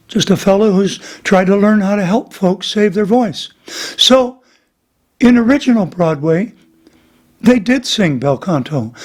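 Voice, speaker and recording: Older male vocal coach, high speaking voice, worn tone, animated, demonstrates by singing. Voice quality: voice he says is damaged. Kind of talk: casual teaching interview with sung examples.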